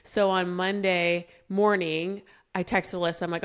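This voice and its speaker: A woman's voice: on the low side, flat delivery, normal speed, few pauses, clear, resonant tone. A young woman co-hosting a podcast, telling personal stories in a candid, emotional way and laughing often. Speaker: podcast co-host. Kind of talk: casual chat.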